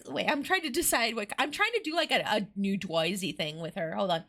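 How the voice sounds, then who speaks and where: A woman's voice: medium pitch, lively intonation, a little fast, hardly any pauses, fairly bright tone, slight background noise. A woman streamer chatting playfully while playing through a game. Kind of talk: casual game-stream commentary.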